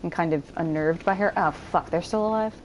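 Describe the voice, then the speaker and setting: A woman giving casual let's-play commentary, chatty and quick to swear and laugh as she switches between the story and the gameplay. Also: lowish voice, a little hiss or hum. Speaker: gamer playing on video.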